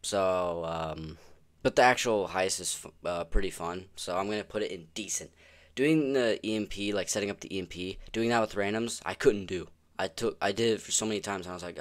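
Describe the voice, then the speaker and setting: A man's voice: on the low side, animated, a little fast. A young man giving casual, rambling commentary on video games, swearing often and sounding exasperated. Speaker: gaming video creator.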